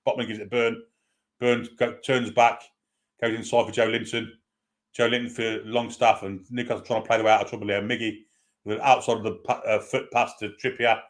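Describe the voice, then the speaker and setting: Man doing partisan play-by-play. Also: mid-range voice. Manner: partisan, running play-by-play with asides. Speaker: fan commentator. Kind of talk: live watchalong commentary.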